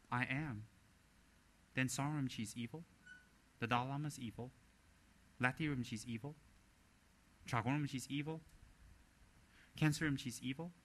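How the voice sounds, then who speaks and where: A man delivers a dharma teaching with a bright, forceful voice pitched a little high. As a Buddhist teacher he speaks emphatically and pushes his points with sarcasm and rhetorical questions. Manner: lively and sarcastic.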